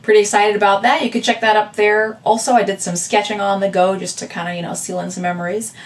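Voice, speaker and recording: This casual vlog features a woman artist talking fast to camera in a level, medium-pitched voice, rambling with lots of fillers and asides. She's far from the mic, recorded on camera with separate backup audio.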